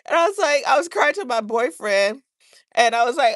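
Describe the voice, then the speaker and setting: A woman's voice: high-pitched, big pitch swings, moderate pace, a bit bright, dry recording, clean studio sound. A woman chatting casually on a livestream, rambling and earnest as she talks to viewers from her garden outdoors. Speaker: livestream host.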